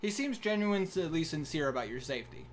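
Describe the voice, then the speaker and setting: A man from Minnesota narrates a tabletop game as game master, rambling and joking with plenty of fillers. His voice sits a little high for a man, with a faint hiss underneath. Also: lively intonation, fairly quick.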